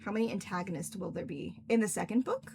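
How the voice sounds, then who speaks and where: Chatty young woman with a gravelly edge. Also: medium pitch, fast talker, darkish tone, slight background noise. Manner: chatty, rambling, frequent "like" fillers. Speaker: author and stream host. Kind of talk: casual livestream Q&A. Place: indoors at home, in cosplay.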